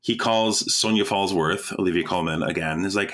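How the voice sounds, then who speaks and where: A man's voice: low-pitched, normal speed, a bit bright. A man co-hosting a podcast, chatting casually, rambling and tripping over his words, laughing often. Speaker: podcast co-host. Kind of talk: casual chat.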